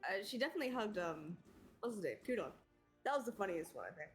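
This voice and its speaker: A woman's voice: mid-range voice, sing-song, quick pace, soft background music. Giggly, rambling woman at a game table. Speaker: streamer and tabletop game player. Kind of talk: casual tabletop game chat.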